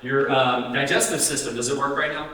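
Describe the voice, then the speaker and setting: A man's voice: medium pitch, steady tone, fairly quick, sharp tone, slight background noise. A man giving a live health talk, speaking conversationally and often putting questions to the audience. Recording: roomy hall, distant mic.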